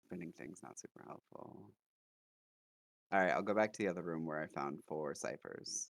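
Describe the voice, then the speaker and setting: Man as a player, deep gravelly voice, dry close sound, laid-back questions. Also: moderate pace, no echo. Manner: casual, questioning. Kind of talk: playing a tabletop game.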